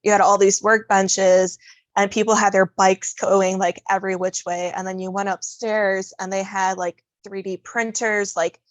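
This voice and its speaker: A woman's voice: mid-range voice, level tone, normal speed, dry recording. A woman talking casually as a podcast guest, telling stories with laughter. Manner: chatty, laughs often, storytelling. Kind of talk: casual conversation.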